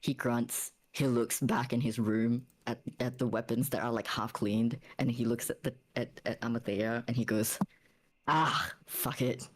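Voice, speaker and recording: A man narrates his character's actions in a casual tabletop game, easygoing and mid-pitched. He talks in a relaxed, everyday way. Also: normal speed, few pauses. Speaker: player. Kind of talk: casual role-play narration.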